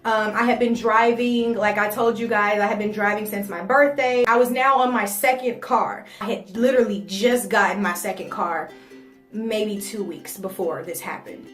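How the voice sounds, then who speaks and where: A young woman telling a personal story for her vlog, animated and swearing freely. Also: mid-range voice, moderate pace. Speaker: vlogger. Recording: roomy echo, faint music.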